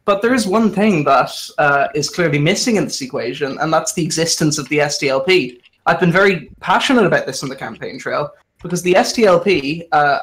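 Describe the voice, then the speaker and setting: A man's voice: fairly high pitch, a bit bright. Impassioned man in a political debate. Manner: impassioned, rising to emphasis. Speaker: panelist.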